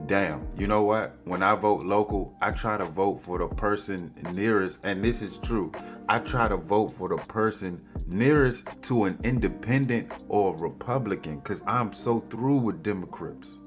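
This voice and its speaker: Fired-up guy with aave venting on his podcast, swears a lot, voice jumps way up when he mocks folks, faint music under it. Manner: heated, profane, animated with big pitch swings. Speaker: podcast host. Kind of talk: opinionated political rant.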